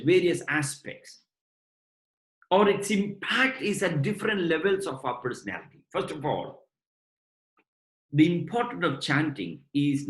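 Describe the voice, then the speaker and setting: A man giving a devotional lecture on scripture to his students, explaining point by point in a measured way. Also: on the high side. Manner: measured, explanatory, addresses listeners as brothers and sisters. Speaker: spiritual lecturer. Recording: roomy echo.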